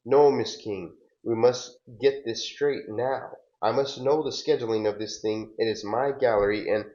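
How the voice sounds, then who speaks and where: A man's voice: mid-range voice, unhurried, darkish tone, lightly acted. A man voicing a pushy, nervous male gallery owner, insistent and pleading, on a dull recording.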